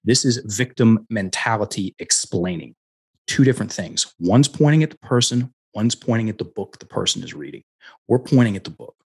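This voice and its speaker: Husky-voiced man telling stories. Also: on the low side, normal speed. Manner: animated, acts out his stories' dialogue. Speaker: guest, personal development coach. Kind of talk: storytelling in a podcast interview. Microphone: headset.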